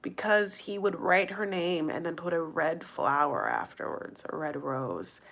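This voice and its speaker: A woman's voice: sits low, very animated, unhurried, gravelly, fairly bright tone. A woman recapping a reality show in a casual, gossipy chat, full of "like" fillers and playful asides to her viewers. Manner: addresses viewers directly as "you guys" and "honey". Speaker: recap vlogger.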